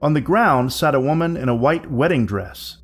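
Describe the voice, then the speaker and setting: A man narrating a scripted horror story in a measured, suspense-building way. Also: a little high, lively intonation, slightly rough.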